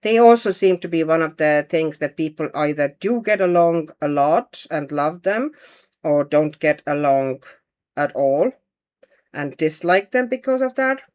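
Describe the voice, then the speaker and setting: A woman's voice: deep voice, animated, a little slow, a little mellow. Chatty woman painting on a livestream. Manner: chatty, thinks aloud, answers viewer comments. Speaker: livestream host. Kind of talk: casual livestream chat while painting.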